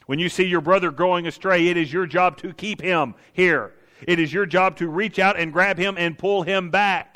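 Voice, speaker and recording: A man's voice: high-pitched, fairly even intonation, normal speed, sharp tone. A man preaching a sermon to his congregation, emphatic, in punchy repeated short lines. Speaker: pastor.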